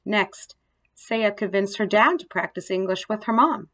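A woman narrating a children's storybook in a gentle, expressive read-aloud manner. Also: mid-range voice, measured pace.

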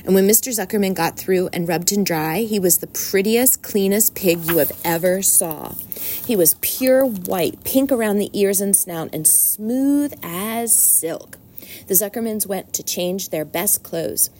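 A woman reading a children's storybook aloud at an unhurried, plain pace. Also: medium pitch, a little mellow, slight background noise.

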